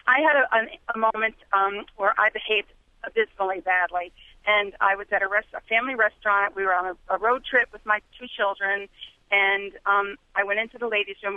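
A woman with a medium-pitched voice calls in to a radio show to tell a story about herself, candid and self-deprecating. Her voice comes through a tinny telephone line with no room sound.

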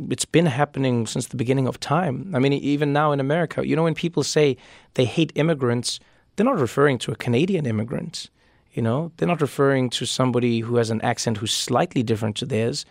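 A man from Africa, talking as an interview guest and telling stories in animated, quick bursts. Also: medium pitch, creaky, no echo. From South Africa. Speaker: guest author. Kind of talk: conversational interview.

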